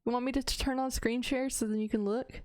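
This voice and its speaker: A woman's voice: on the high side, steady tone, quick pace. A woman streaming a game, chatting casually and playfully teasing, laughing often, with game music behind her. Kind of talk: casual live-stream chat.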